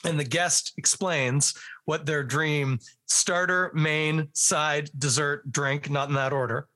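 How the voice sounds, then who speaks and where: A man's voice: fairly high pitch, fairly even intonation, takes it slowly, sharp tone. A man chatting casually as a podcast guest, rambling through tangents. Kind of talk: casual chat.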